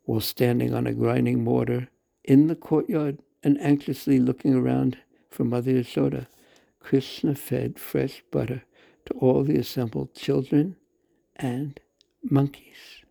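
Gravelly, dark-voiced male storyteller. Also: mid-range voice, fairly even intonation. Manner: measured, with slow pauses and self-corrections. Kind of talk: reading a devotional story aloud.

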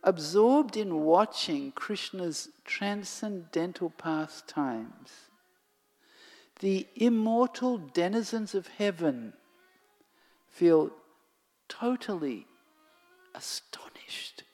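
A storyteller narrating a devotional tale slowly and expressively, sinking to a whisper at times. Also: mid-range voice, animated, a little mellow. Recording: long hall reverb, faint music.

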